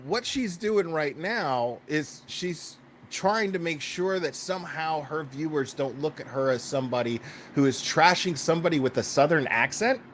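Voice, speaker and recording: A man's voice: fairly high pitch, animated, moderate pace, a bit bright, slight background noise. A man hosting a casual reaction commentary, swearing freely, laughing and stammering through restarts. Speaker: YouTube commentary host.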